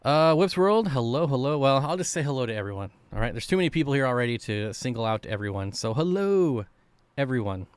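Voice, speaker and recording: Talking fast in a smooth, medium-pitched voice, a man runs a casual aquarium-channel live stream, relaxedly chatting and reading out viewer comments. The recording is dry.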